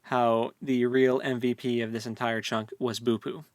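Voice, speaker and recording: A man's voice: mid-range voice, little pitch movement, moderate pace, no echo. A man co-hosting a podcast, chatting casually and rambling about a book, laughing often. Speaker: podcast co-host.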